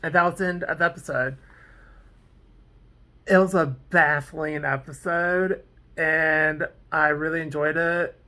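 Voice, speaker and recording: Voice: medium pitch, fairly even intonation, measured pace, pauses often, pushed and bright. A vlogger casually recapping a TV episode, rambling off on tangents with lots of "like" and "um". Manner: fillers like "like" and "um". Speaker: TV episode reviewer.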